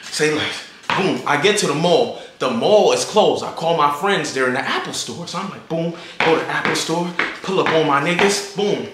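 A man's voice: on the high side, expressive, moderate pace, hardly any pauses, background noise. A young man telling a story to his viewers in a casual, hyped way, heavy on slang and constantly checking in with the listener. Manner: hyped, slangy, keeps asking "you feel me". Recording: roomy echo.

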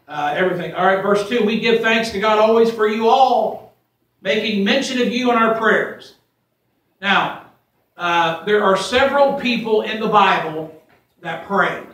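Folksy male Bible teacher from Ohio with a high voice, rambling between emphatic scripture readings; echoey room, mic far off. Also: fairly bright tone, a little hiss or hum. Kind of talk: informal Bible study teaching.

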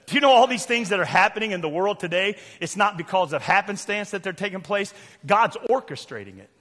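Older male Southern preacher, high bright voice, fiery sermon in a reverberant sanctuary. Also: expressive, a little fast. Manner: loud, preachy, sudden shouts and quiet asides. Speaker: pastor. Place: church sanctuary. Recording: long church hall reverb.

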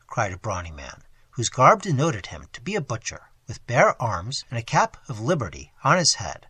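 A man narrating a classic novel aloud with an expressive, dramatic reading. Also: mid-range voice, moderate pace, slightly rough, no room sound. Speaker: audiobook narrator. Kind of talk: scripted narration.

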